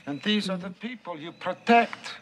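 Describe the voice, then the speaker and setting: Colonel Podolsky, a Russian-accented Soviet interrogator. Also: male voice, high voice, expressive, a bit bright. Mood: coldly gloating. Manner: measured, clipped, coldly polite menace. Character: cold, calculating male Soviet colonel interrogator. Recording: noisy film soundtrack.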